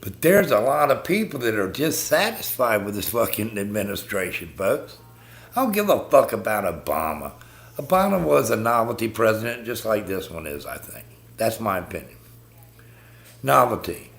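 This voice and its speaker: A man's voice: lowish voice, sing-song, normal speed, creaky, fairly bright tone. A man hosting a live stream, ranting bluntly and swearing constantly as he talks to viewers about politics.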